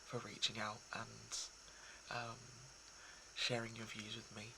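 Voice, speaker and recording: A man talking casually and reflectively to his viewers, soft and hesitant, with many pauses and restarts. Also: on the low side, completely flat delivery, creaky, noisy background. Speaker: poetry reader.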